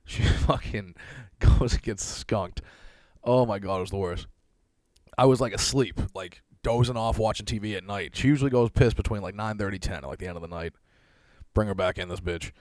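Here the same podcast host, a man in his thirties, speaks at a moderate pace in a lowish, slightly mellow voice. He rambles through a self-deprecating tale, swearing and laughing often, with no room sound around him.

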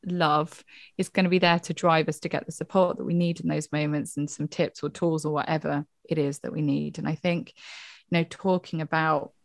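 A woman's voice: low voice, vocal fry, no room sound, clean studio sound. A woman, a therapist and mother, talking candidly and earnestly in a reflective podcast conversation, often saying "you know".

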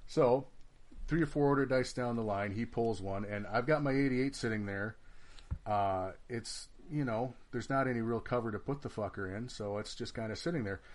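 A man's voice: mid-range voice, moderate pace. A man in casual podcast chat, recounting a tabletop game with lots of swearing and acted-out back-and-forth. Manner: swears freely, animated storytelling that acts out both sides of the argument.

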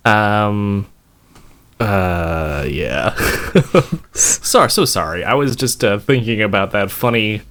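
A man co-hosting a podcast, talking slowly and hesitantly with a lot of fillers. His low voice swings up and down in pitch as he chuckles along. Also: expressive, fairly bright tone. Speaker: podcast co-host. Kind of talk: casual podcast banter.

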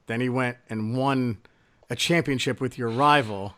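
A man co-hosting a sports podcast, talking in casual chat and going off on animated rants. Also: mid-range voice, unhurried. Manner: ranting, animated complaints. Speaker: podcast co-host.

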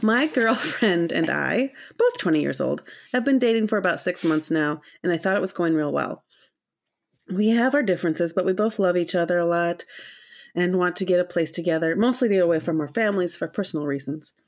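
Lower-voiced woman, steady advice. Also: brisk. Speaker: podcast co-host. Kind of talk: casual advice chat, reading listener letters.

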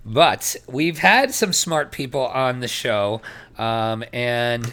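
A man's voice: mid-range voice, slow, sharp tone. A man hosting a podcast, chatting casually in a self-deprecating way. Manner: self-deprecating, laughing often. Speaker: podcast host.

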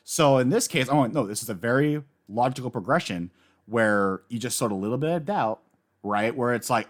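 A man in casual chat, recapping a story with lively enthusiasm and acting out the characters he quotes. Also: medium pitch, moderate pace. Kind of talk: casual manga discussion.

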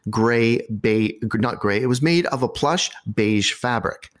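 A man hosting a podcast, telling a story in a casual, animated way with wry asides. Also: medium pitch, slow.

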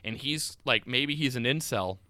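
A man's voice: medium pitch, moderate pace, bright, forceful tone, no echo. A man telling a story in casual podcast chat, laughing often and acting out the people he quotes. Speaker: podcast co-host.

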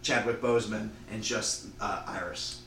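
A man casually retelling an invented movie plot, rambling and slipping into quick voices for the characters. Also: on the low side, steady tone, gravelly, a bit bright, roomy sound, far from the mic, slight background noise, low-quality recording.

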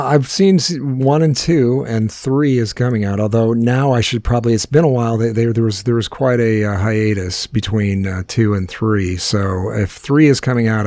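A man co-hosting a podcast, talking in an easygoing, relaxed way. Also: lowish voice, gravelly, no room sound. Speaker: podcast co-host. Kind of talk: casual chat.

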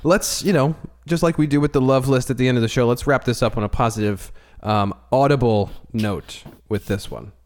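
A man's voice: medium pitch, a little fast, few pauses. A man hosting a fantasy football podcast, talking loosely and laughing often. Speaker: podcast host. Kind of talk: casual podcast chat.

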